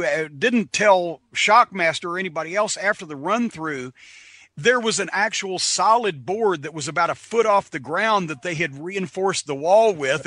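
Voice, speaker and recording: An older man, a wrestling manager, telling animated stories in a casual podcast and slipping into voices to act out moments. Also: fairly high pitch, no echo. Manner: animated storyteller, does voices when retelling. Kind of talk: podcast storytelling.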